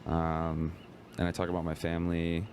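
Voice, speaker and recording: Casual guest: young man, deep voice, rambling stand-up chat with faint room hiss. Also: completely flat delivery, moderate pace, darkish tone. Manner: laid-back, rambling, lots of "like" and "bro". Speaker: guest comedian.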